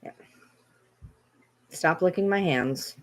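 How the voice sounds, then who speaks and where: A woman's voice: lowish voice, slow pace. A woman vlogging casually at home, playfully scolding her dogs in a baby-talk tone. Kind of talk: casual vlog chat.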